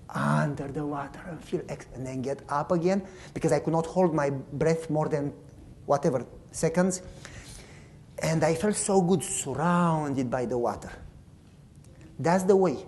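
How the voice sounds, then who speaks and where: A woman preacher giving a sermon with personal stories and an animated way of telling them. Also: fairly low pitch. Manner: animated storytelling, swings from loud to soft.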